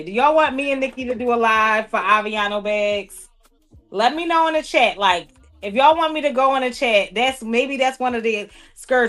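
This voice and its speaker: A woman's voice: on the high side, moderate pace, a bit bright. A woman hosting a sewing livestream, chatting playfully with viewers and people off camera, with speech. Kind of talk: casual livestream chat while sewing.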